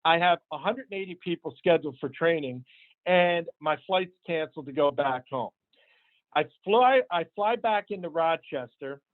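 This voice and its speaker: Male sales manager, emphatic motivational storyteller, slightly high pitch, dry and tinny audio. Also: expressive, moderate pace, dry recording. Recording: tinny phone-line sound, dry.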